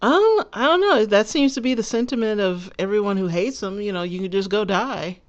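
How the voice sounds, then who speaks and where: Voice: medium pitch, lively intonation, brisk, dull audio. A co-host in a casual anime discussion who laughs often and chimes in with wry remarks. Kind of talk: casual chat.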